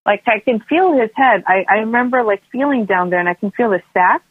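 A woman's voice: on the high side, expressive, fairly quick, breathy edge, dry recording. A woman telling a personal story as an interview guest, rambling with frequent restarts and filler words. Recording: tinny phone line, dry.

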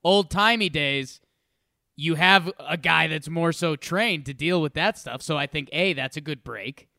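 Bright, smooth male co-host, chatty and joking, dry mic. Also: on the high side, unhurried, no echo. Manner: joking, rambling, full of fillers like "like" and "you know". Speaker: podcast co-host. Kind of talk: casual podcast banter.

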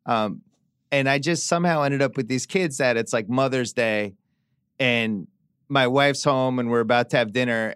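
A man's voice: medium pitch, a bit bright, clean tone, dry recording, clean studio sound. A middle-aged man hosting a podcast, telling chatty, wry anecdotes. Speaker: podcast host. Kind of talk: casual chat.

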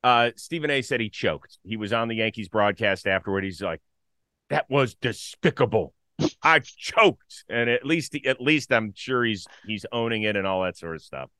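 A man hosting a baseball talk show, upbeat and lively in casual chat. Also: lowish voice, fairly quick, few pauses, clear, resonant tone, no echo. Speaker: host.

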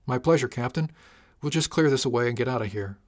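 Give me a proud, friendly foreman, as a man puts him on, upbeat and lively in a spoken space adventure. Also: medium pitch, fast, lightly acted. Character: proud cheerful male dock foreman.

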